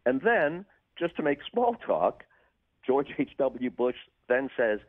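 An older broadcaster telling dry, wry anecdotes with deadpan punchlines as a radio show guest. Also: male voice, medium pitch, slow pace, dry recording, phone-quality sound. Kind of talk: storytelling in a radio interview.

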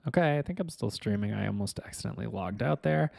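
A man's voice: on the low side, animated, quick pace, gravelly, a little mellow. A man chatting casually to viewers on a live stream as he fixes his game setup, frustrated and self-mocking, muttering to himself.

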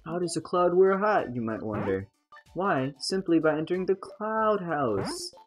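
A woman's voice: on the low side, lively intonation, normal speed, faint music behind, natural voice. A woman voicing an ancient, wise old male cloud, reading game dialogue in a mock-grand tone.

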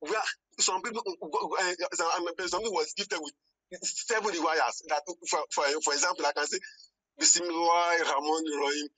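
A man's voice: high voice, brisk, pushed and bright, low-quality recording. A man calling in to a debate, hesitant and stammering, often repeating himself and saying excuse me. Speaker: caller. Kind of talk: heated phone debate.

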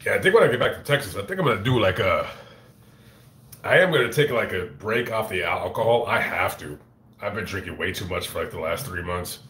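A man hosting his own livestream, chatting casually and profanely with many halting restarts, on a phone mic. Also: sits low, lively intonation, fairly bright tone, slight background noise. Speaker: channel host on a livestream. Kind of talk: casual rambling livestream chat. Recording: echoey room.

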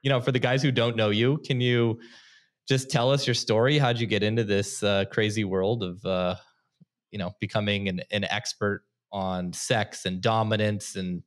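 A man's voice: on the low side, fairly even intonation, moderate pace. A man hosting a podcast, talking in a loose, upbeat way with frequent fillers. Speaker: podcast host. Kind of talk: casual podcast interview.

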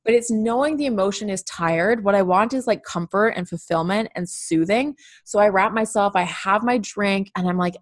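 A woman's voice: mid-range voice, moderate pace, few pauses, no room sound, clean studio sound. A woman talking candidly and chattily as a podcast guest, with lots of "like.". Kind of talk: casual podcast conversation.

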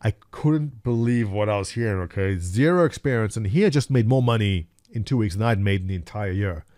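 A former day trader in his forties, now a streamer and market commentator, casually tells his viewers stories over a chart, posing rhetorical questions and laughing at his own tales. His voice is fairly low, animated, brisk and darkish, recorded with studio quality and no room sound.

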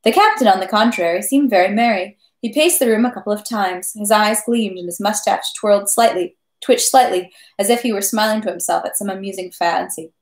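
A woman reading a classic novel aloud at a steady pace, with small slips and self-corrections. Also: mid-range voice, a little fast, hardly any pauses. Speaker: reader of a novel. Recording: echoey room.

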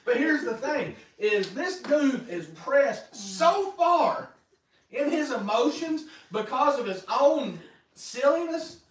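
A man preaching a sermon as pastor, telling stories in a lively way and acting out quotes. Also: very high voice, slow pace. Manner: lively, animated storytelling with acted-out quotes. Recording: echoey hall, voice from far off.

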